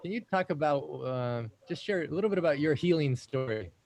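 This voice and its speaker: A man's voice: fairly high pitch, expressive, fairly quick. Encouraging man hosting a call. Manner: warm, encouraging, invites others to speak. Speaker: host of the call. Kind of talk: hosting a group video call. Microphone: video call.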